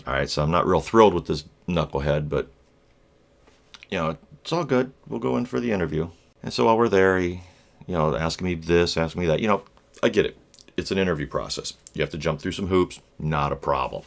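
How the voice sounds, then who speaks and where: A middle-aged man vlogging, telling a rambling personal story in a blunt, profane way with wry asides and lots of halting restarts. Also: deep voice, animated, creaky. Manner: halting, with many fillers and restarts.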